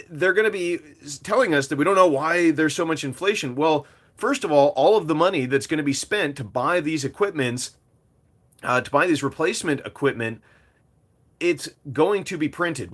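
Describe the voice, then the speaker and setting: A man's voice: mid-range voice, fairly bright tone. Chatty man hosting a commentary video. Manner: conversational, with frequent fillers. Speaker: host. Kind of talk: casual commentary monologue.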